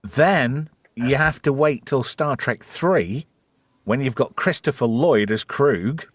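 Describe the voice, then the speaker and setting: A man's voice: mid-range voice, expressive, slow, no room sound. A man hosting a casual, crude chat show, riffing bawdy jokes and laughing a lot. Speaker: podcast host.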